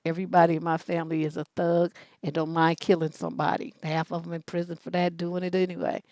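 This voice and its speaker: A woman's voice: fairly low pitch, quick pace, no room sound. A middle-aged woman hosting a live advice show, telling stories bluntly and profanely, then reading out viewer questions. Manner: blunt, profane, animated storytelling with laughs.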